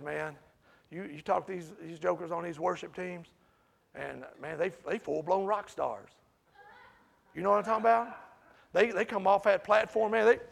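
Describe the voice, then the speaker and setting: A man preaches through a Bible passage to a small group. His voice sits high and carries a gravelly edge. He talks to the room directly and swings between loud and hushed. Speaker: Bible study teacher. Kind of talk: preaching Bible study talk.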